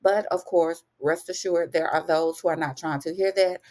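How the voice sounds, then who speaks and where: A woman giving a casual, slangy TV episode recap. She calls the listener honey and acts out the characters' lines in lively, shifting tones. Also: on the low side, normal speed. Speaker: TV recap host.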